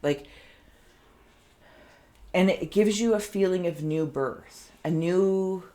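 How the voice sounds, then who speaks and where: A woman's voice: on the low side, takes it slowly, mellow. A woman giving an intuitive card reading, meandering and searching for words, her throat phlegmy. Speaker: tarot card reader.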